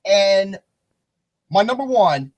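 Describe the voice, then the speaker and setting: A man hosting a casual podcast chat, excitable and rambling, swearing freely. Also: high voice, takes it slowly. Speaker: podcast host.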